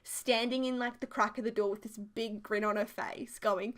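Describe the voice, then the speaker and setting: Her voice sits on the high side, with fairly even intonation and a moderate pace. A twenty-something Australian YouTuber, she rambles and giggles her way through stories in a relaxed voiceover chat.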